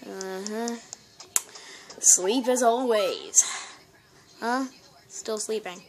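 A woman giving casual, excitable commentary while playing a video game, with frequent gasping exclamations. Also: mid-range voice, drawn-out words, background noise. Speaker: gameplay video host. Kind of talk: casual let's-play commentary. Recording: loud game music underneath.

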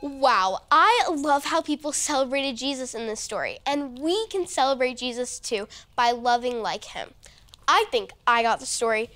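A woman hosting a children's church show, bright and playful, talking straight to the kids. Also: high voice, moderate pace, faint music behind.

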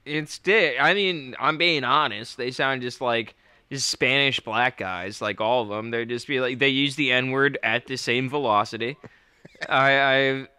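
A young man co-hosting a casual podcast, blunt and joking, slipping into quick mocking voices. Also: medium pitch, bright, forceful tone, clear, resonant tone, dry recording. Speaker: podcast co-host. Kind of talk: casual chat.

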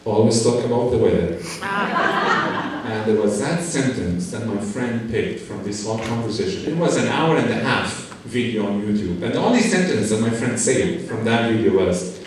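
A man's voice: on the low side, big pitch swings, moderate pace, noisy background. A man from Syria with a Syrian Arabic accent, an Arabic native speaker giving a humorous keynote story and playfully acting out dialogue. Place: large school hall. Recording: very echoey hall from a distance.

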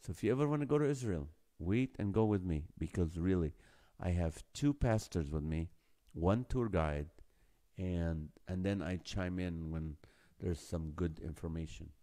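His voice sits low with a dark tone and a moderate pace. He's a Middle Eastern-accented man from the Holy Land hosting a casual live stream, where he jokes around, reads viewer comments aloud, and laughs often.

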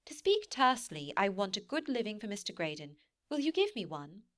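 A woman's voice: medium pitch, wildly swooping pitch, a little fast, dry recording, studio quality. A woman voicing an eager, playful young wife who coaxes and wheedles. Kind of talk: audiobook character reading.

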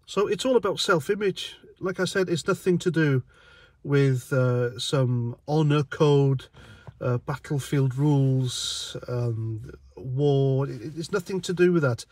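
A man's voice: mid-range voice, takes it slowly, darkish tone, no echo. A British man and army veteran giving a blunt, sarcastic opinion monologue and laughing often. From United Kingdom.

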